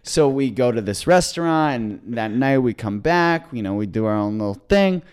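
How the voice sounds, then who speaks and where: A man in mid pitch tells a long story on a comedy podcast, excited and rambling. He restarts his sentences often and keeps the chat loose. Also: moderate pace, clear, resonant tone. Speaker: podcast co-host.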